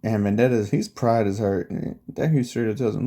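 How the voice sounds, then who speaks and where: A man's voice: on the low side, moderate pace, few pauses, warm tone. A man casually recapping a fan-made story in a laid-back, slangy, profane way.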